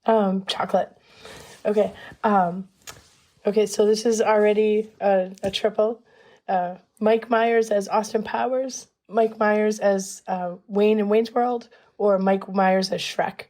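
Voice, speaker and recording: A woman with a cold runs a quick game segment on a podcast. She is laid-back and pauses between questions, her voice at a middling pitch. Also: steady tone, dark tone. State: has a cold. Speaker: recurring game segment host. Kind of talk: casual podcast chat.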